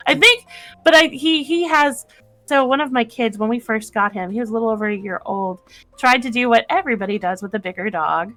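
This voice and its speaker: A woman chatting casually as a guest on a call-in show, talkative and quick to laugh. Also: on the high side, a bit bright, dry recording, soft background music. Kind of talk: casual chat.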